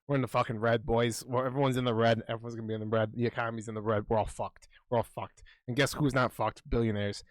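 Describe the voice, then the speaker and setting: Male podcast co-host, mid pitch, profane and excitable, dry close recording. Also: fast talker, hardly any pauses, dry recording. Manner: swears constantly, rambling and excitable. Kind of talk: casual chat.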